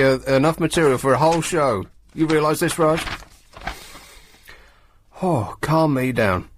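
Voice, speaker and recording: A man holds forth on talk radio with a sardonic, grumbling wit. His pitch swoops lively up and down as he mocks his subject. The studio sound is dry and close. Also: dry recording. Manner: sardonic, grumbling, mocking asides. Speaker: radio show host. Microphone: studio microphone.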